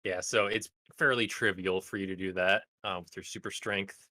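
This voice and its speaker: A man running a tabletop game, narrating scenes and laughing often. His voice is low-pitched but very bright and sharp. The sound is dry and close. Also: steady tone, moderate pace, no room sound. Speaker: game master.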